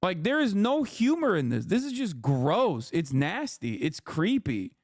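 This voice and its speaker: Angry high-voiced man ranting. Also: huge pitch swings, no room sound, clean studio sound. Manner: angry, profane ranting, fast and emphatic. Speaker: streamer. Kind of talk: live-stream commentary, reacting to posts.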